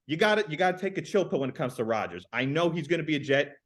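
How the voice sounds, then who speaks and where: A man's voice: a little high, animated, rapid-fire. A young man co-hosting a casual sports podcast, blunt and emphatic, swearing freely. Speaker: podcast co-host.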